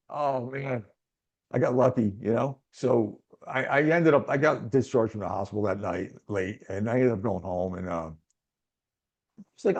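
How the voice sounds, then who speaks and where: Animated New man telling a story. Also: medium pitch. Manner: animated, acts out other people's lines, chuckles often. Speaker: guest telling his survival story. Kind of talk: casual storytelling.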